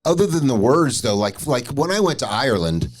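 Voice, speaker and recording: A man's voice: mid-range voice, big pitch swings, fairly quick. A man co-hosting a podcast, asking joking questions in casual chat. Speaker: podcast co-host.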